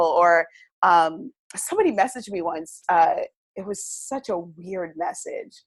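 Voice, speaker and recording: A woman hosting a podcast, telling stories in an animated, agreeable way during a casual conversation. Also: medium pitch, normal speed. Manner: animated storyteller, agreeable, laughs often. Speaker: podcast host.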